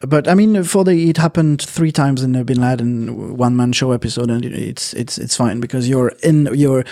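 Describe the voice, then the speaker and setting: A man hosting a casual podcast chat, talking in a halting way with many fillers and restarts. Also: mid-range voice, dark tone. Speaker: podcast host.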